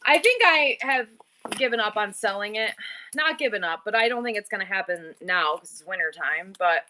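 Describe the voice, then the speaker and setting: A middle-aged woman hosting an online auction live stream, chatting casually and bubbly with viewers, tossing in quick asides to the chat. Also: mid-range voice, animated, sharp tone, a little hiss or hum.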